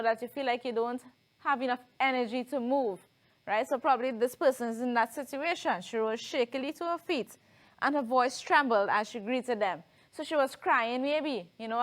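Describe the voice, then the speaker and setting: A woman's voice: a little high, fairly bright tone. A woman with a Trinidadian accent teaching a televised lesson, explaining step by step and often checking in with "right?".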